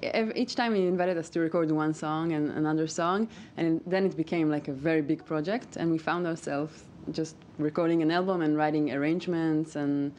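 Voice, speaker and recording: A woman's voice: deep voice, steady tone, fairly quick, hardly any pauses, darkish tone, lo-fi sound. A woman musician with an Israeli accent, answering interview questions hesitantly and searching for words. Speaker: musician guest. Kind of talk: casual interview chat. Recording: faint background noise.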